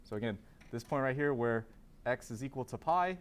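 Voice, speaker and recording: A man lectures a calculus class in an animated, mid-range voice at a moderate pace. He asks students questions, supplies the answers himself, and keeps repeating the key terms.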